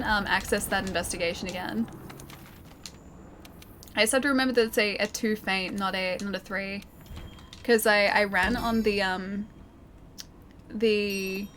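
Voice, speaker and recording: A woman's voice: medium pitch, a bit bright, a little hiss or hum. An Australian woman streaming a game, chatting casually with her viewers and laughing often. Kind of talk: casual live-stream chat while gaming.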